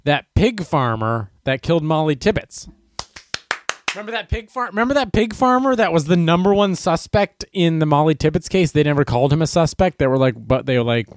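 A man's voice: fairly high pitch, expressive, fairly quick, no echo. Guy ranting sarcastically about the news, voice all over the place, super dry close sound. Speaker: host of a news commentary show. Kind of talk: ranting comedic news commentary.

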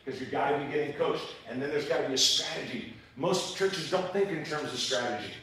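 A male pastor preaches with a bright, fairly high voice, telling stories in an animated, humorous way. His sermon echoes heavily through a large church auditorium. He sounds distant from the microphone. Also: a little fast. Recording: echoey church hall from far off.

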